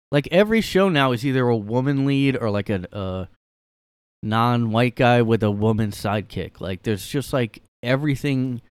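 A man's voice: fairly low pitch, darkish tone, clean tone, no echo. A young man hosting a casual solo podcast from his room, rambling and sarcastic with lots of fillers. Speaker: podcast host.

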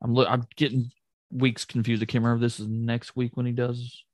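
A man co-hosting a podcast in casual chat, excitable and jokey, often trailing off and restarting. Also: medium pitch, a little fast, no room sound. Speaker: podcast co-host recapping wrestling.

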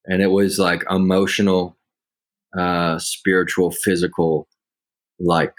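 A man guest speaking haltingly with many "like" fillers. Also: deep voice, little pitch movement. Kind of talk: casual conversation.

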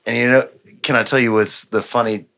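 Bright-voiced rambling storyteller, a man. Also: medium pitch, fairly even intonation, brisk, creaky. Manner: rambling, acts out quoted dialogue, laughs often. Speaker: podcast guest. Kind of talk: casual storytelling.

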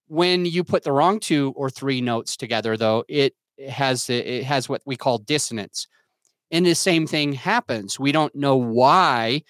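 A man's voice: mid-range voice, measured pace, a bit bright, dry recording. A young adult man talking candidly as a podcast guest, earnest and self-critical, often restarting his sentences as he searches for words. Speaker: podcast guest, entrepreneur and father. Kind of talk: candid reflective podcast talk.

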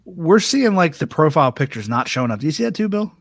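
A man's voice: a little high, sing-song, quick pace, gravelly, no room sound. A man co-hosting a casual live podcast chat, joking and laughing easily. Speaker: podcast co-host.

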